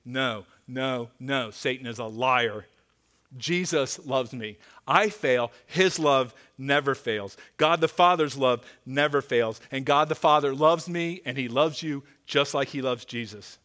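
A man preaching a sermon as pastor, earnest and pleading, dropping to a hushed voice for emphasis. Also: medium pitch, measured pace.

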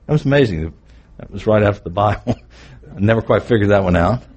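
A man's voice: lowish voice, expressive, a little fast, a little mellow, slight background noise. A man preaching who tells a personal testimony in an earnest, vivid way with candid asides.

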